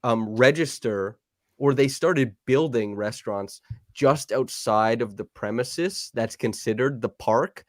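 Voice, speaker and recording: Animated male podcast host, dry studio. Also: medium pitch, takes it slowly, no room sound. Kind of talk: casual chat.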